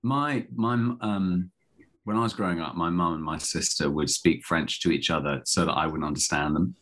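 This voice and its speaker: Deep-voiced man, chatty actor. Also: normal speed, fairly bright tone. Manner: chatty and self-deprecating, with many restarts. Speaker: actor, guest. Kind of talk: casual interview chat.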